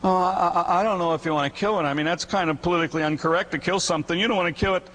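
A man voicing a desperate, tormented man who pleads in a hurried, frantic way. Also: sits high, fairly bright tone, long reverb tail, a little hiss or hum. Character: desperate man begging to be freed from a demon.

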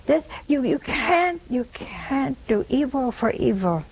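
An older woman preaches slowly to her callers, earnest and unhurried. She leans on repeated phrases to drive a point home, keeping a steady, measured delivery. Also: sits high, creaky, breathy edge, poor audio. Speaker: host of a religious call-in show.

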